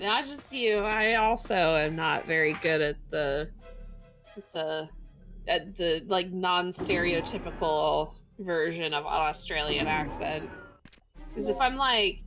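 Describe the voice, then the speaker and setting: A woman's voice: fairly low pitch, takes it slowly, over music, poor audio. A woman co-hosting a game stream, chatty and teasing in casual conversation. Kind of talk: casual chat while gaming.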